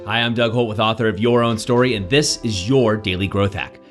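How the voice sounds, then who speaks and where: A man hosting a daily self-help show, giving an energetic, conversational motivational talk with frequent "right?" asides. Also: fairly low pitch, a little fast, over music. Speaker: coach and show host.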